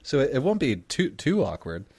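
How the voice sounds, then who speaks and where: A man's voice: medium pitch, wildly swooping pitch, moderate pace, creaky, darkish tone, breathy edge. A man chatting casually on a podcast, rambling in an easygoing way. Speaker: podcast co-host. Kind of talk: casual chat.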